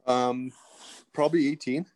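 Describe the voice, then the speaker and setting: A man's voice: medium pitch, steady tone, unhurried, darkish tone. A middle-aged man, a guest telling candid stories in a rambling way, full of restarts and asides. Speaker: podcast guest. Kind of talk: casual interview storytelling.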